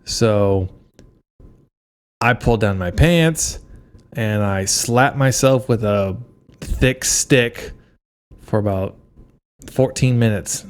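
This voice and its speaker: A man co-hosting a comedy podcast, giving absurd parenting advice in a slow, deadpan way. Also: lowish voice, clear, resonant tone. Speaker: podcast co-host.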